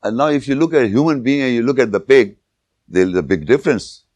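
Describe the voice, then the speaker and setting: A man giving an informal religious lecture, telling jokes and anecdotes and pausing to search for words. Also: mid-range voice, expressive, darkish tone, dry recording, muffled recording. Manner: anecdotal, joking, with searching pauses and restarts. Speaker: Islamic lecturer.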